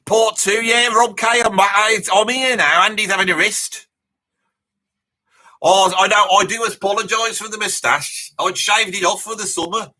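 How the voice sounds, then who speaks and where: A boastful Brummie bloke who rambles through name-dropping asides, his voice husky yet bright and slightly high, as a man puts him on. He chats loosely with his viewers in a thick Birmingham accent. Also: normal speed, heavily acted. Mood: rambling chat. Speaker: live stream host in character. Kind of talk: in-character live reaction chat.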